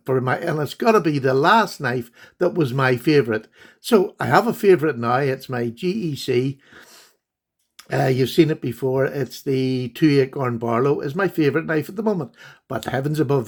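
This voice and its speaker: A middle-aged man hosting a casual vlog, chatting fondly and a little rambly while showing knives to the camera. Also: fairly high pitch. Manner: chatty, rambling, fond and enthusiastic. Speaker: host, knife collector.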